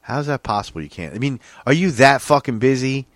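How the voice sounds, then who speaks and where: A man's voice: mid-range voice, brisk, no room sound. A man co-hosting a casual podcast, swearing freely and laughing often as he banters. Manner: laughing often, profane, lively. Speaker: podcast co-host.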